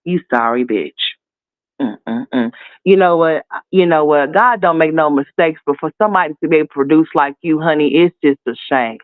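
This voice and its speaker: A man with a notably high voice delivers fiery, profane, sassy commentary. The sound is thin and phone-like, with no room at all around it. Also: moderate pace, no room sound. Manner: heated, profane, sassy ranting. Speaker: commentary host. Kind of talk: ranting commentary. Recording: tinny phone-like dry sound.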